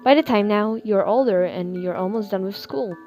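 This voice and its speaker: Young girl reading her fanfic, soft and giggly, kinda apologetic, quiet music behind. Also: medium pitch, normal speed. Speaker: fan fiction reader. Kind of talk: reading her own fan fiction aloud.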